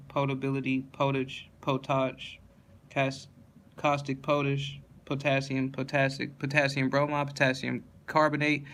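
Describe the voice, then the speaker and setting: A man reading dictionary entries aloud one after another in a flat, steady monotone, now and then stumbling and correcting himself. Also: mid-range voice.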